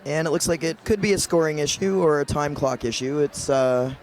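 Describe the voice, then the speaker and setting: Male derby play-by-play caller, steady and dry, higher voice, faint outdoor noise. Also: fairly quick. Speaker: roller derby commentator. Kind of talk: live sports commentary.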